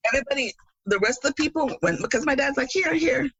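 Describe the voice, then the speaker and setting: Casting note: woman podcast co-host, husky tone, lively storyteller, dry close sound. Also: sits high, rapid-fire, no room sound, dull audio. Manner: animated storyteller, laughs often. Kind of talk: casual chat.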